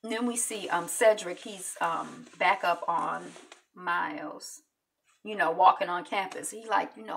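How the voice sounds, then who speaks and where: Woman doing a chatty tv recap, bright voice, lots of um and you know, a bit off mic. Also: on the low side, a little slow, creaky, distant mic. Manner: chatty, full of fillers and "is like" quotes. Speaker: TV show recapper. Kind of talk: casual episode recap.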